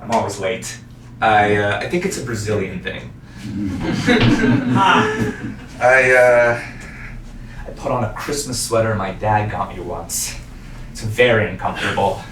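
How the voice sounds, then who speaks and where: A young man delivers a self-mocking solo monologue on a small stage, telling his story with animation in a lowish, slightly slow voice and frequent pauses. The sound is roomy and distant with faint ambience and slight background noise.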